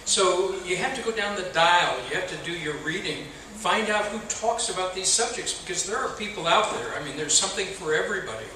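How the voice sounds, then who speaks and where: A man on a panel giving advice in an animated way, listing examples. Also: sits high, a little fast, hardly any pauses, background noise. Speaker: panelist, radio professional. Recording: echoey hall, recorded from far off.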